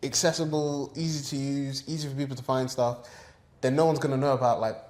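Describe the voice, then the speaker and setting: A man's voice: mid-range voice, steady tone, fairly quick, darkish tone. A young man, hosting a podcast, chatting casually and filling his talk with likes. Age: young adult. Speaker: podcast host.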